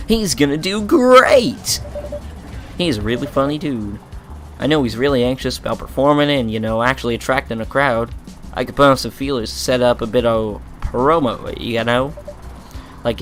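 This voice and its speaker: An upbeat, helpful young woman bartender at a pub, read out by a man in his own mid-pitched voice. She talks in a friendly, easy way, with faint music underneath. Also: a bit bright, lightly acted.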